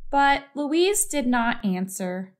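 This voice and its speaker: A woman reading a children's picture book aloud with slow, clear storytelling. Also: a little high, sing-song. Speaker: storybook reader.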